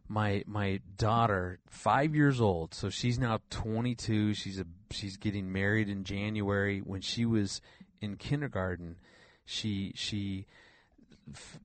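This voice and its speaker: A man's voice: on the low side, no echo. A middle-aged man who is a regular guest on a Christian radio show, telling stories earnestly and often repeating words as he thinks. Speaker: regular guest, relationship counselor. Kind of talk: radio interview, storytelling.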